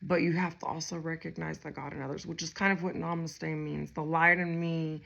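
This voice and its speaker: A woman talks her viewers through a spiritual tarot reading in a loose, rambling way, full of fillers and easy laughs. Her voice sits a little low and has a gravelly fry to it. The recording is somewhat dull and lo-fi. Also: steady tone, a little fast. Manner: chatty and rambling, many fillers, laughs often. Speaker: tarot reader.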